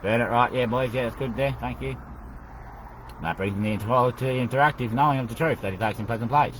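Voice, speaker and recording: A man's voice: medium pitch, quick pace, fairly bright tone, a little hiss or hum, poor audio. A man hosting his own show, talking in a loose, rambling solo monologue. He repeats phrases over and over and keeps calling the listener "mate". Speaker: podcast host.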